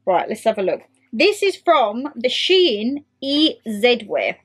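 A young British woman chatting excitedly to viewers and to her clothes in a casual haul video. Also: fairly high pitch, slow pace, husky. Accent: British English. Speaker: vlogger. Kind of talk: casual try-on haul chat.

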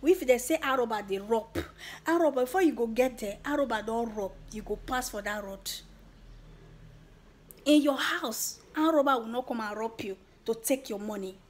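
Husky Nigerian woman giving a pep talk. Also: fairly high pitch, expressive, normal speed. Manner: earnest, preachy, mixes Pidgin phrases. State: emotional, near tears at the end. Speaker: YouTuber. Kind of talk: motivational talk to viewers.

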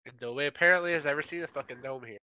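A man's voice: a little high, racing, pushed and bright, clear, resonant tone, muffled recording. A man playing a tabletop game, chatting casually and joking with the table. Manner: joking and playful. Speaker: player.

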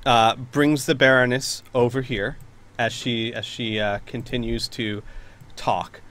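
A man's voice: mid-range voice, fairly even intonation, fairly bright tone. A man running a tabletop role-playing session and describing the action to his players. He talks in a plain middle register and halts often, restarting his sentences. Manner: rambling, halting with many uhs and restarts. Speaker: game master. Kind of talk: narrating a tabletop game.

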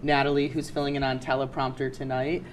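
A man's voice: mid-range voice, flat delivery, brisk, slight background noise. A young man co-hosting a student TV entertainment show in an easygoing, friendly way. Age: young adult. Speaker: student co-host. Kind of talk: casual co-hosted entertainment segment. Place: campus TV studio.

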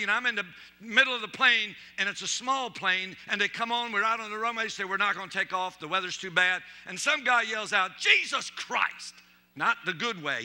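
Middle-aged male pastor, high voice, humorous storyteller who acts out the quotes. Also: bright, forceful tone. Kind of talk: sermon. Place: church.

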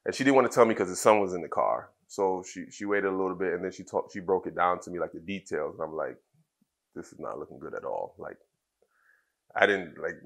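A middle-aged former wrestler from Trinidad tells personal stories as a guest in a casual interview. His delivery is halting and candid, packed with fillers and restarts, and his voice sits low.

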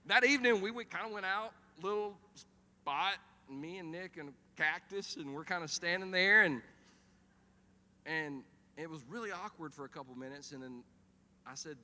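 Man, pastor, lively humorous sermon, bright tone, reverberant church hall. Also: a little high, normal speed, long pauses, slight background noise. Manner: animated, humorous storyteller. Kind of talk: sermon with storytelling. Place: church auditorium.

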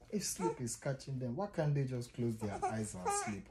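A man's voice: medium pitch, very animated, normal speed, few pauses, mellow, slight background noise. A young man with a Nigerian accent, a father filming himself at home as he coaxes his baby daughter to sleep, pleading and playfully scolding and repeating words over and over. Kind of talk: casual home vlog talk.

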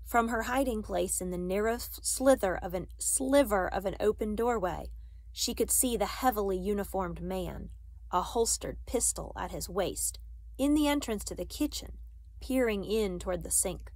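Woman narrator, measured storytelling, dry close mic, mid pitch. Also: a little mellow, dry recording. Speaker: audiobook reader. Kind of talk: reading a children's novel aloud.

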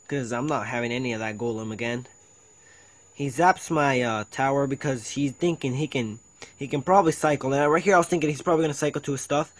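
A man's voice: mid-range voice, poor audio. A man hosting his own video, talking casually through a game replay in a chatty play-by-play with frequent ums and quoted thoughts of his own. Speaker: video host. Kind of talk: casual gameplay commentary over a replay.

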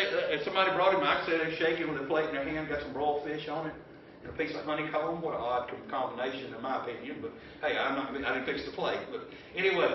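A man with a Texan accent preaching a folksy sermon as pastor, breaking into sudden shouts as he tells the story. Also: a little high, slight background noise. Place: church sanctuary. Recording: echoey church from far off, dull.

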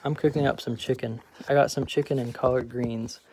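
A man's voice: mid-range voice, fairly even intonation, fairly quick, a little hiss or hum, natural voice. A man voicing a patient, grounded middle-aged wife who answers matter-of-factly, in a play audiobook. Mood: plain. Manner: matter-of-fact, gently scolding.

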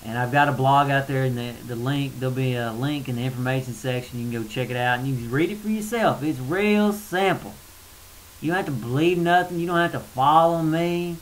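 Speaking fairly quickly in a mid-range voice, a male spiritual vlogger launches into a colloquial, blunt rant in an offhand video monologue, gets riled up, and follows it with an apology. The recording is rough, with faint hiss.

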